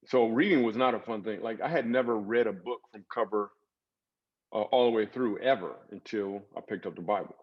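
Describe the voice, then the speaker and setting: Low-voiced man telling comic stories. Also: brisk, highs cut off. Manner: lively comic storytelling with voiced asides. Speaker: comedian guest. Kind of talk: storytelling interview talk.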